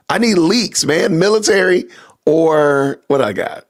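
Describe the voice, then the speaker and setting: Man, livestream host, casual reacting chat, gravelly, husky. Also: fairly high pitch, lively intonation, unhurried. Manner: talks to chat with y'all, reacting loudly. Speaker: podcast host.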